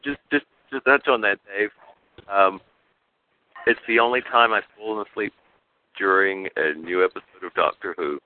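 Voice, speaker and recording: A man's voice: fairly low pitch, no echo. A man co-hosting a podcast, talking casually with many restarts and repeated words. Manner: halting, stumbles and repeats words. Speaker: podcast co-host. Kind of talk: casual chat. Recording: dry tinny phone line.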